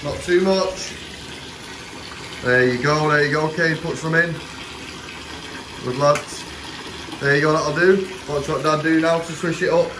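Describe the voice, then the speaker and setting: A man's voice: on the high side, fairly even intonation, a little slow, long pauses, noisy background. A father with a playful, coaxing, encouraging way of talking, in a casual home video recorded in a bathroom. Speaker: father bathing the family dog with his kids.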